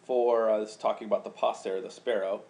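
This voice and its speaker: A man's voice: lowish voice, fairly even intonation, fast talker, vocal fry, a little mellow. A man teaching, explaining grammar patiently and chanting out rhythms syllable by syllable. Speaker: Latin teacher. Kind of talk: recorded lecture.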